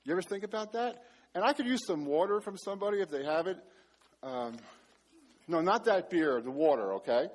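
A man's voice: sits high, lively intonation, brisk. A middle-aged man preaching a sermon, telling a story with self-mocking humor. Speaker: pastor.

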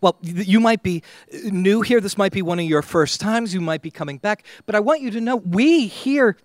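Slow, lively-pitched man preaching. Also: dry recording, clean studio sound. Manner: slow, dramatic preaching with long pauses and sweeping pitch. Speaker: pastor. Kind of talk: sermon. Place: church.

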